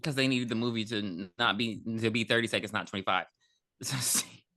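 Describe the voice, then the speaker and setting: Deep-voiced woman tossing in wry remarks. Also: fairly quick, sharp tone, dry recording, clean studio sound. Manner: wry, profane side comments. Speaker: podcast co-host. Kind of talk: casual movie review chat.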